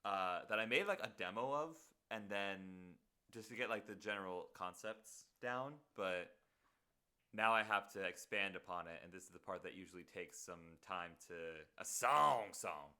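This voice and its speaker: A man chats casually with his live-stream viewers while producing a song at home. His voice sits somewhat low yet comes across bright and tense. He mutters half to himself and throws in playful self-mocking asides. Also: moderate pace. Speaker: streamer making music.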